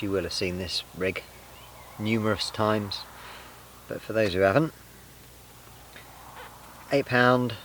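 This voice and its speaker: A man's voice: on the low side, fairly bright tone, a little hiss or hum, low-quality recording. Chatty angler man by the water. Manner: chatty, self-deprecating, explains tackle step by step. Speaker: angler vlogger. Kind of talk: casual outdoor fishing vlog. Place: outdoors by a fenland lake.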